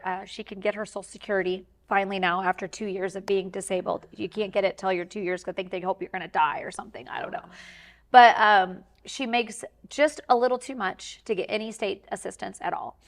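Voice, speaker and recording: A woman speaking as a talk show guest, telling a family story in a rambling, heartfelt way with many fillers. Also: mid-range voice. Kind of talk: candid interview talk.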